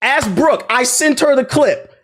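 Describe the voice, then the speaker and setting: A man who makes gaming content, ranting to his chat in an animated, profane and indignant way. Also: very high voice, a little slow.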